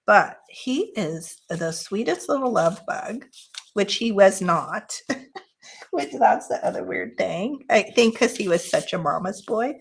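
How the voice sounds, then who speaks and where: A woman's voice: expressive, takes it slowly, gravelly, slight background noise. A woman hosting a casual crafting chat, talking easily to her viewers and cooing at her cat in between. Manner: chatty, slips into high baby talk with her cat. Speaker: craft channel host.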